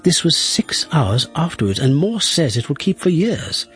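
A man's voice: fairly high pitch, big pitch swings, moderate pace, husky, faint music behind, exaggerated voice. A man reading aloud as a formal, genial Victorian royal secretary writing a letter. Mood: measured. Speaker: reader of a historical letter.

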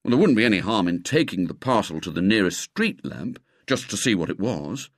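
A man reading a children's story aloud with expressive, lively narration. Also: fairly low pitch, fairly quick, no room sound, clean studio sound.

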